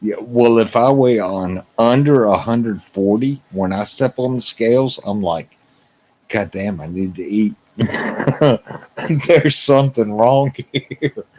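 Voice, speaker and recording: A man's voice: medium pitch, takes it slowly, darkish tone, dull audio. A man in casual stream chat who laughs often and swears freely.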